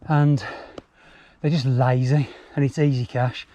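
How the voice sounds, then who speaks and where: A man's voice: medium pitch, little pitch movement, a little slow, warm tone. A man chatting and swearing freely as he rides trails, filmed on a bike camera. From England. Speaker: mountain biker vlogger. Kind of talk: casual spoken commentary while riding. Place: outdoors on country trails. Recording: outdoor camera mic with noticeable wind and traffic noise.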